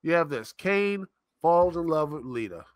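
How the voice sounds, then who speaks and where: A man's voice: on the high side, expressive, unhurried, dry recording. A man hosting a live-stream show, ranting in an exasperated, rambling, sarcastic way. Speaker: podcast host. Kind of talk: live-stream commentary rant.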